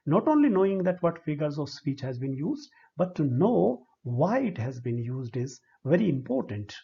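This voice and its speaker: A man with an Indian English accent giving a slow, deliberate lecture, spelling out syllables one by one. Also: fairly high pitch, big pitch swings, breathy edge. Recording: dull lo-fi recording.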